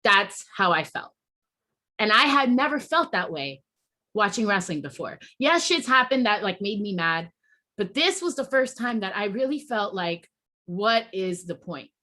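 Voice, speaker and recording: A woman's voice: medium pitch, expressive, unhurried, sharp tone. A woman hosting a podcast, venting in a heated, emotional rant full of swearing and restarts. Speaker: podcast host.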